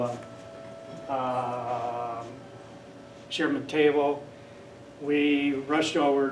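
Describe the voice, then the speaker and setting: A man's voice: medium pitch, a little mellow, a little hiss or hum. An older man giving a casual lecture and telling rambling stories. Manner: rambling storyteller, acts out quoted voices. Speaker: guest speaker. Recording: echoey hall from far off.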